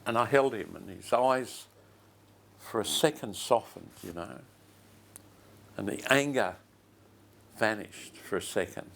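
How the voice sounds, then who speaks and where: An older pastor delivers a sermon slowly, with heartfelt pauses and repeated phrases. His voice sits low and has a gravelly edge. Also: a bit bright.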